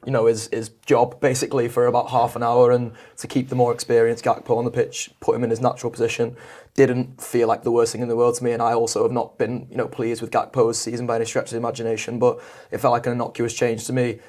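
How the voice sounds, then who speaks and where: A man on a football podcast panel, reasoning through his view earnestly in casual chat. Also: medium pitch. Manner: fast, flat, earnest reasoning.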